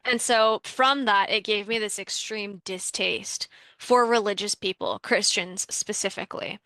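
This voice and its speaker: A woman's voice: medium pitch, fairly even intonation, measured pace, bright, forceful tone, no echo. A young woman from Canada telling a personal story in a casual, chatty way, full of "like" fillers, as a workshop participant.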